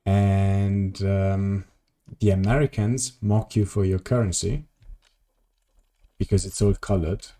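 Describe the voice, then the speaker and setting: Mellow-voiced male streamer chatting with chat. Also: low-pitched, little pitch movement, slow pace, long pauses. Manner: chatty, rambling, answers viewers' chat. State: tired. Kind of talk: casual live-stream chat while gaming.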